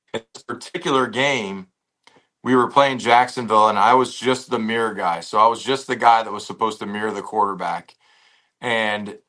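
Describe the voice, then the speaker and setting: A man's voice: mid-range voice, low-quality recording. A man in his forties, a former pro football player, telling stories as an interview guest and acting out the exchanges he quotes. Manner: relaxed storyteller who acts out quoted exchanges. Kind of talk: interview storytelling.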